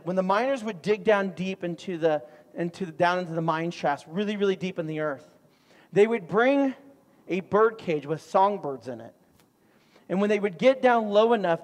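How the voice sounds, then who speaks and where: A middle-aged man preaching a sermon, telling stories in an animated way with sudden loud outbursts. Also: high-pitched. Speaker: pastor. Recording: long hall reverb.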